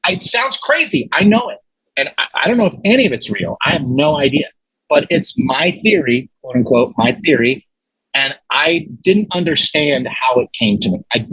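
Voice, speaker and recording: A man telling a story as a guest in a casual interview, animated and excitable, with many restarts. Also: a little high, breathy edge, no echo, low-quality recording.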